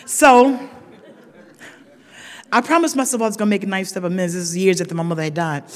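A woman's voice: mid-range voice, a little fast, a little mellow. A woman sharing her recovery story at a meeting, raw and emphatic, talking straight to the room. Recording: long reverb of a large hall.

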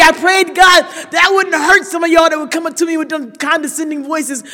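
A woman's voice: extremely high pitch, steady tone, a little fast, few pauses, bright, forceful tone, shouting. Woman speaker at a recovery meeting; raw, emphatic share addressed to the room; long hall reverb. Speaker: speaker sharing a recovery story.

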